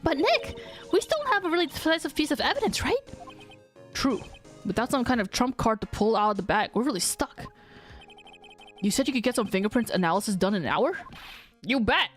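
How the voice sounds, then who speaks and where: Expressive woman streamer, faint music behind. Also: fairly high pitch, fairly quick, long pauses. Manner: expressive, switches voices, swears. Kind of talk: reading game dialogue aloud in a live stream.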